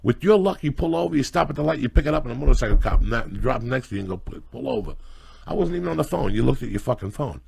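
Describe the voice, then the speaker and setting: A middle-aged man hosting a casual podcast chat, ranting loudly and profanely in a preachy way. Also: medium pitch, lively intonation, very fast, hardly any pauses. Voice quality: gravelly and husky. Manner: loud, profane, preachy rants. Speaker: podcast host.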